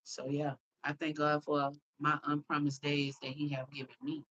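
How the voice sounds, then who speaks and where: Low-voiced woman chatting on a live stream. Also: little pitch movement, normal speed, a bit bright, dull audio. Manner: heartfelt, chatty, addresses viewers as y'all. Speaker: livestream host. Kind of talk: casual live chat with viewers.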